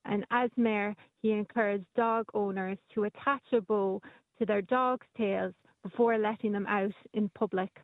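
A woman's voice: medium pitch, fairly even intonation, normal speed, dry recording. A woman telling local stories as a radio guest, chatty, with plenty of ums and restarts. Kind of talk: casual radio chat. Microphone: phone. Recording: phone line.

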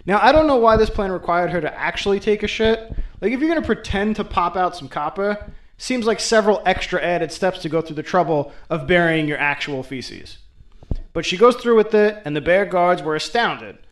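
A man retells a folktale as host, with a fairly high voice and an irreverent, profane, wisecracking delivery. His comedic asides come in a casual talking tone. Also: lively intonation, moderate pace. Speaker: host and storyteller. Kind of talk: comedic folklore storytelling.

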